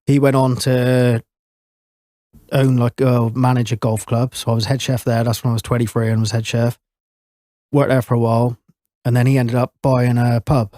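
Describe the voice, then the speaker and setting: A man's voice: medium pitch, level tone, normal speed, mellow, no room sound, studio quality. A man in his thirties, a chef guest on a podcast, telling anecdotes in casual chat, laughing often and swearing freely. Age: 30s.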